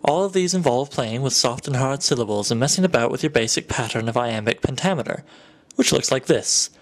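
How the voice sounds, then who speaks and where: A man's voice: mid-range voice, lively intonation, brisk. A man vlogging to camera, explaining poetry exercises in a dry, self-mocking, playful way. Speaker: video blogger. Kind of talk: wry explanatory talk to camera.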